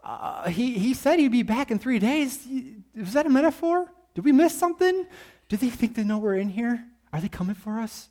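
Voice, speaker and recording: A man's voice: extremely high pitch, sing-song, normal speed, dark tone, pitched above the performer's own voice. A man voicing a frightened male disciple hiding behind a locked door, whiny and pleading. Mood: panicky.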